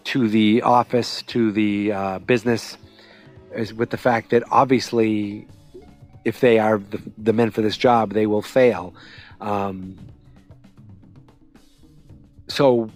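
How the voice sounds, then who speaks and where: A man hosting a podcast, recapping a TV episode in a casual, sarcastic way with lots of fillers. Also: mid-range voice. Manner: chatty, sarcastic, lots of fillers and quoted voices. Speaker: podcast host.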